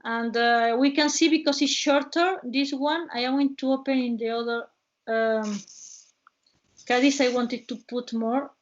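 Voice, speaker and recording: A woman from southern Spain with an Andalusian Spanish accent, a Spanish speaker presenting in halting English with many restarts and fillers, hosting a webinar over a video call. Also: fairly high pitch, steady tone, dull audio. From Cádiz province, Spain. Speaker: webinar host and travel guide.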